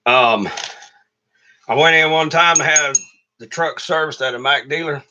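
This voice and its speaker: A man's voice: fairly high pitch, measured pace, bright, forceful tone, slight background noise. A middle-aged man who hosts a channel and drives trucks, telling stories in a blunt, profane, complaining rant to his viewers. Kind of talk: casual livestream rant.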